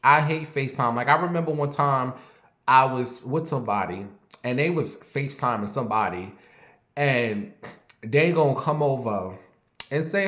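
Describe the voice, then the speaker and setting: A man's voice: medium pitch, moderate pace. Chatty man livestreaming in an echoey room. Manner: animated, rambling, chatty. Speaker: livestream host. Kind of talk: casual livestream chat with viewer shout-outs.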